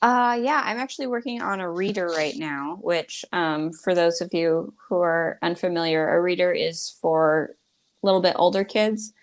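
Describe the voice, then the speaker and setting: A woman's voice: on the low side, normal speed. A young woman, a children's book illustrator, chatting casually and laughing easily between her thoughts. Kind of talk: casual bookstore video chat.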